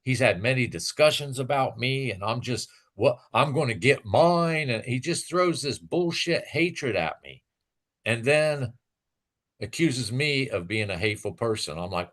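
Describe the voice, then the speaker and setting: A man's voice: mid-range voice, lively intonation, unhurried, fairly bright tone. A man hosting a live stream, ranting and mocking in casual, profane chat.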